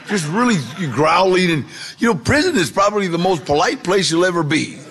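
A man telling his life story to an audience, lively and acting out the voices of the people in it. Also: high voice, a little fast. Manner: animated, gravelly storyteller who acts out quoted voices. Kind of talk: storytelling talk.

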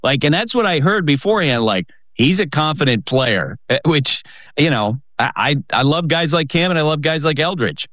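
A man's voice: on the high side, big pitch swings, normal speed, a bit bright, no echo. A man hosting a sports talk show, analyzing a player in a conversational way.

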